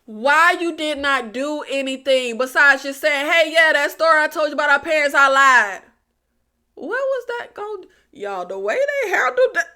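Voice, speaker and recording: A woman, casually recapping TV episodes for her viewers in an animated, exasperated way. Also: sits high, moderate pace. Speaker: TV recap vlogger. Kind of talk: casual review vlog.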